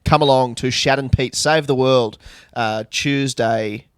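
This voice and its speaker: A man's voice: medium pitch, steady tone, unhurried, clean tone, no echo, clean studio sound. An Australian man co-hosting a podcast in casual chat, teasing and crude. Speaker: podcast co-host.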